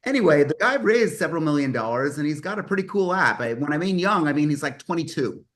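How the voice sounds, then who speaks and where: A man's voice: a little high, lively intonation, fast talker, fairly bright tone. Man, 50s, mastermind host on a video call; casual, rambly, enthusiastic. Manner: rambling, self-correcting, enthusiastic. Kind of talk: casual online meeting talk.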